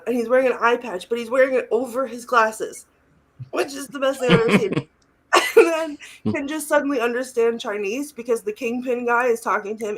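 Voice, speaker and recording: A young woman co-hosting a podcast, casually recapping a film and often dissolving into giggles. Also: on the high side. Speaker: podcast co-host. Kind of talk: casual movie-recap chat.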